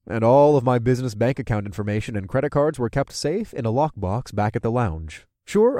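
A man's voice: mid-range voice, a little mellow, no echo, clean studio sound. A man reading a first-person story aloud in a casual, chuckling manner. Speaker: audiobook narrator. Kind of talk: first-person audiobook narration.

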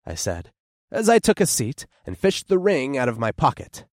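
A man reading a first-person story as an audiobook narrator, with expressive, descriptive storytelling. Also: mid-range voice, normal speed, dry recording, studio quality.

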